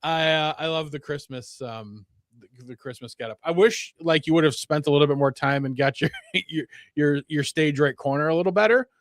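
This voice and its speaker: A man's voice: a little high, fairly quick, no room sound. A man in his mid-forties, co-hosting a podcast with laid-back, dry comebacks. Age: 40s. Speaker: podcast co-host. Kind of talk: casual podcast banter. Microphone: wearing headphones.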